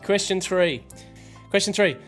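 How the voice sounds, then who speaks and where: A man's voice: high voice, a little slow, faint music behind. A man co-hosting a casual podcast who runs a quiz for his friends, reading out questions in an upbeat, joking way and swearing now and then. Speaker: podcast co-host running a quiz.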